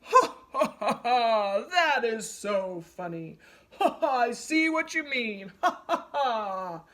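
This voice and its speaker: A booming, mocking male lion talks big and bold, as a woman puts him on. His storybook voice carries a brash, lively swagger. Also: unhurried. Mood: mocking laughter. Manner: loud roaring laughter, bold.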